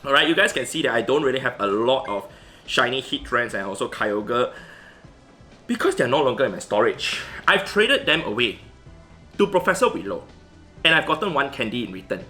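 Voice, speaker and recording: Casual male vlogger, bright tone, loose rambling delivery over a faint music bed. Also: mid-range voice, big pitch swings, fairly quick. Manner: rambling, many fillers and restarts. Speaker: Pokemon GO vlogger. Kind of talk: casual commentary over gameplay.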